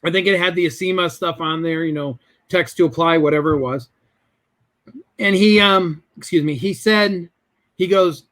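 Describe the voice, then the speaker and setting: Man, guest, high voice, bright tone, storytelling, plays out dialogue. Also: moderate pace. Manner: animated, acts out both sides of conversations. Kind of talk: storytelling in a business interview.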